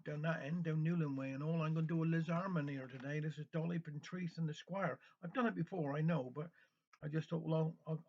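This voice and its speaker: A man's voice: fairly high pitch, a little mellow. An older man, chatting homely announcements and reciting a rhymed dialect story. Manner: homely, rambling, friendly. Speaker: local radio presenter and storyteller. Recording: dull lo-fi recording.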